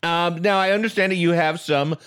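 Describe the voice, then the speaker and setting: A man's voice: sits high, fairly even intonation, a little fast, fairly bright tone, clean tone. A man co-hosting a comedy podcast, bantering in a joking, mock-indignant way and laughing often. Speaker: podcast co-host.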